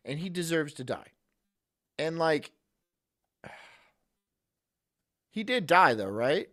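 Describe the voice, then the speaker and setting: Man, live streamer, profane reaction chat, animated pitch, slow delivery. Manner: profane, laughs often, talks to his partner off mic.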